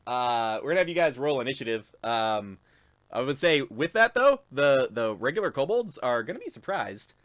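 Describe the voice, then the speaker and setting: A man's voice: medium pitch, sing-song, moderate pace, fairly bright tone. A man narrating as game master of a tabletop game in a laid-back, chuckling manner with many fillers. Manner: laid-back, laughs often, lots of fillers.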